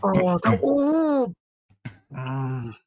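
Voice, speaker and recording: A man's voice: high voice, very animated, a little mellow, no echo. A man co-hosting a live stream, chatting casually while painting models, grumbling and mocking himself. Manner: self-mocking, grumbling, quick to laugh. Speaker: co-host.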